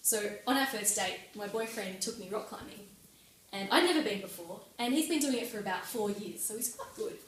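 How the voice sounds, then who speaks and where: A young woman giving a prepared club speech with lively, personal, lightly humorous delivery. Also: mid-range voice, a little fast. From Australia. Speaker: club speaker. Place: meeting room. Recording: echoey room from far off.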